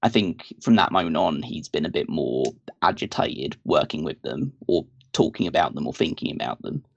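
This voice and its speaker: A man's voice: a bass voice, animated, moderate pace, gravelly, breathy edge, no room sound. A man co-hosting a podcast, chatting casually in a rambling way full of restarts and fillers. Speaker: podcast co-host. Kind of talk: casual wrestling discussion.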